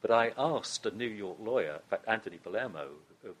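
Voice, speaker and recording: A man's voice: on the low side, animated, a little fast, slightly rough. A man with a Southern English accent, a guest in an interview, telling a story with many restarts. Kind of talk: conversational interview.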